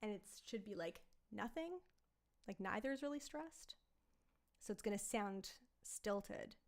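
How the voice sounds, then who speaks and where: A woman's voice: mid-range voice, measured pace. A woman chatting casually as she works out a song, thinking aloud and singing melody bits with scat syllables. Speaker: songwriter streamer. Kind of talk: casual songwriting livestream chat.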